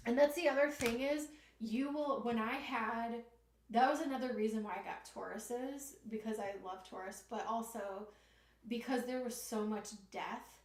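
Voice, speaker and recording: A woman's voice: on the high side, a little mellow, echoey room. A woman giving a live-stream tarot reading, chatty and emotional, talking to spirit and to her viewers. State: emotional, nearly crying. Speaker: tarot reader.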